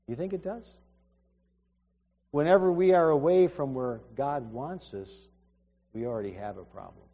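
A man's voice: mid-range voice, normal speed. A man preaching a sermon, earnest and emphatic, often restarting his sentences. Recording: dull reverberant hall recording.

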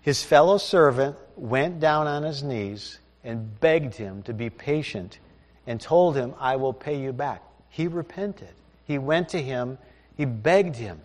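A man's voice: mid-range voice, animated, slow, darkish tone. A man preaching a sermon, reading scripture aloud and explaining it in a conversational way. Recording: long hall reverb.

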